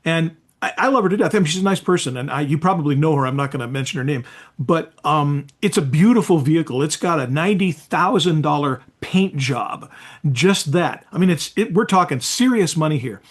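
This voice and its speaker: A man's voice: a little high, lively intonation, brisk. A man hosting a hot rod podcast in casual interview chat, telling stories and nodding along with short affirmations. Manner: chatty, warm affirmations, storytelling asides. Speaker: podcast host.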